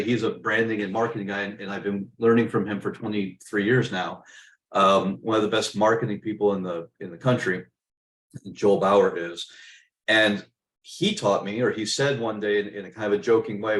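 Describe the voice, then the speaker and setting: A middle-aged man presents a business webinar and tells personal stories in a conversational, emphatic way. His voice sits a little low. The room around him gives it a noticeable echo. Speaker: webinar host and business mentor.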